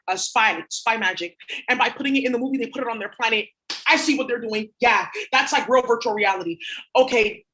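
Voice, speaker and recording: A woman hosting her spiritual-reading channel, ranting casually to camera in a profane, rambling, excitable way. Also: fairly high pitch, poor audio. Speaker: spiritual reader and channel host.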